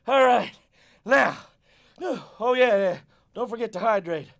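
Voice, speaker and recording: Brief: a goofy hyper coach, very high and gravelly, shouting pep talk at kids. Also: male voice, expressive, takes it slowly, exaggerated voice. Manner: loud, pep-talking, bossy and playful. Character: goofy hyper adult male sports coach. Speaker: fitness coach. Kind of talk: kids' educational video.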